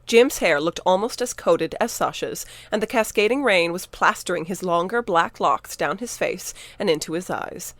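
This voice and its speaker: A woman narrating her own audiobook in a steady, even storytelling manner. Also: fairly low pitch, moderate pace, hardly any pauses, dry recording. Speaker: narrator and author.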